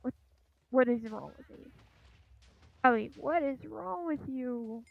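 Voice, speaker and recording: A high-pitched woman talks slowly through her game, hesitant and full of fillers, and she keeps apologizing. Her voice comes through a thin, phone-like mic with a dry, close sound and no room around it. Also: lively intonation, vocal fry, dry recording. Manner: urges the game on with repeated short cries. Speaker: gaming channel host. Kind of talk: casual gameplay commentary.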